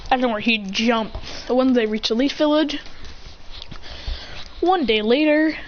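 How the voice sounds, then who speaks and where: A woman telling an improvised fan story with excitement, acting out voices and sound effects. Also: a little high, unhurried. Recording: dull lo-fi with faint noise.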